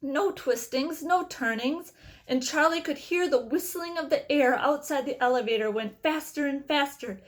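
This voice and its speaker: High-voiced woman reading a storybook. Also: normal speed. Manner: expressive storytelling. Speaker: reader. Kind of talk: reading a children's novel aloud.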